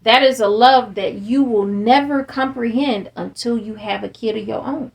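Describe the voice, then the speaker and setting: A woman's voice: on the high side, moderate pace, vocal fry. A woman, hosting a candid casual chat, talking bluntly and acting out the people she quotes. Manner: blunt, animated, acts out quoted dialogue. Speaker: podcast host and parent.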